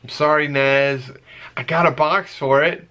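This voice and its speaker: A middle-aged man casually chatting as he opens fan mail, earnest and emotional, halting with many fillers and reading letters aloud slowly. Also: fairly high pitch, steady tone, bright, forceful tone. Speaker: vlogger opening fan mail. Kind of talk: casual chat.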